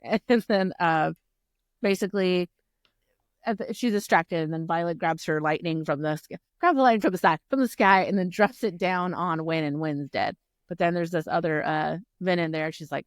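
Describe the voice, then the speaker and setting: A woman co-hosting a podcast, casually recapping a novel with animated retelling and frequent laughter. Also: fairly low pitch, normal speed, no room sound, clean studio sound. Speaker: podcast co-host. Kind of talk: casual book chat.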